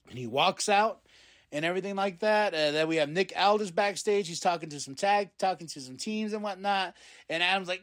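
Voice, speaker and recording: A man's voice: fairly high pitch, a bit bright. A man hosting a podcast, casually recapping a wrestling show and acting out what the wrestlers said. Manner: rambling, acts out quotes in quick voices. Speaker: podcast host.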